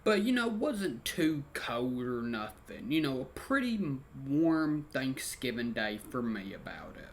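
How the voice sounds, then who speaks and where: A man's voice: mid-range voice, big pitch swings, measured pace, gravelly, few pauses, a little hiss or hum. A young man telling a story casually in a rambling, profane way, with slangy dialect grammar and constant "you know" fillers. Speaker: vlogger.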